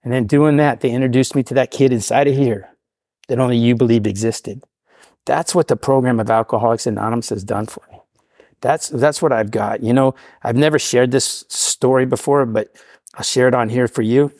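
A man's voice: medium pitch, fairly even intonation, moderate pace, darkish tone, dry recording, clean studio sound. A man who is a podcast guest tells a personal story earnestly and keeps checking in with "right?".

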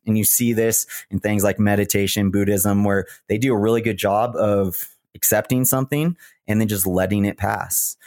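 Low-voiced man telling a reflective story. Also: darkish tone, no echo, clean studio sound. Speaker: guest, retired marathon runner. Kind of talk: podcast interview.

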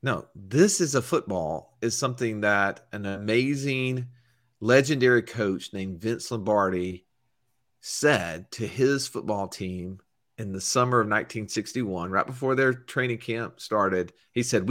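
A man's voice: on the low side, fairly bright tone. Emphatic podcast co-host, man. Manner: emphatic, dramatic pauses. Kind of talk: podcast intro chat.

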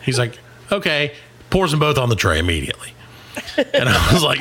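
A middle-aged man on a comedy podcast telling a long story in a casual, animated way, swearing and acting out what other people said. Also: medium pitch, fairly quick, slightly rough. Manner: animated, swearing, acts out quoted voices. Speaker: podcast co-host.

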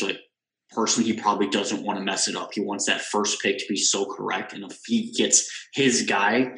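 Flat-voiced man in an echoey room. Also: on the low side. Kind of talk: casual sports chat.

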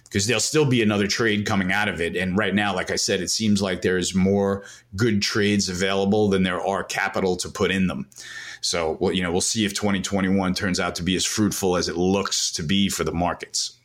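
Lower-voiced guy rambling about markets on a podcast, lots of "you know", pretty emphatic. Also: fairly even intonation, brisk, fairly bright tone. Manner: rambling, emphatic, many fillers. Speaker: guest macro analyst. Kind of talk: casual podcast conversation.

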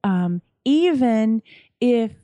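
A woman's voice: a little high, animated, drawn-out words, dry recording. Enthusiastic woman guest, dry close sound. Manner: warm, enthusiastic, restarts often. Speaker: podcast guest. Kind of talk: casual interview chat.

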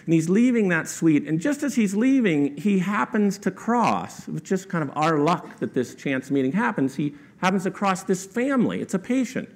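A male author speaking as a guest tells an anecdote to a live audience. His somewhat high voice rises and falls a lot. He lifts it further when he quotes others. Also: normal speed, few pauses. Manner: animated, quotes people in raised voices; conversational with frequent rhetorical "right?".

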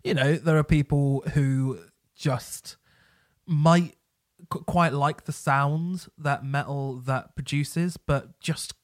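A man's voice: on the high side, steady tone, slow, dry recording, clean studio sound. A man co-hosting a music podcast in casual chat, enthusiastic and rambling with restarts.

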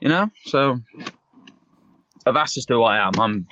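A man's voice: medium pitch, lively intonation, unhurried, bright, forceful tone, no room sound, lo-fi sound. A man, a fighter, talking in an interview with fired-up, emphatic passion and constant swearing. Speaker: MMA fighter, guest.

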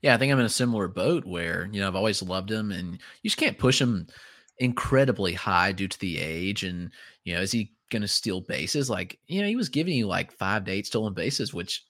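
A man co-hosting a baseball podcast, speaking in a measured, agreeable way with frequent "you know"s. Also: fairly low pitch, animated, fairly bright tone, no room sound, clean studio sound. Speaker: fantasy baseball podcast co-host. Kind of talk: casual podcast chat.

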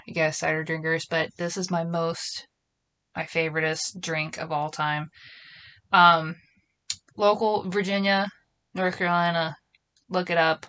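Rambling and self-deprecating, this middle-aged host chats casually on her solo podcast, recorded with a phone and computer in a small closet at home. Her voice is lowish with a fairly bright tone.

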